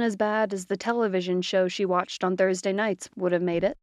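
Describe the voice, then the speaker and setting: A woman narrating a short story in a measured, expressive reading. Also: medium pitch, dry recording. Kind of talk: scripted fiction narration.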